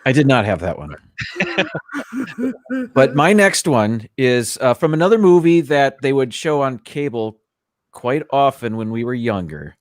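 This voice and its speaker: A man's voice: medium pitch, sing-song, measured pace, no echo, clean studio sound. Man retelling a film scene, hesitant. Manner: hesitant storytelling with many fillers. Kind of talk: casual live-stream chat.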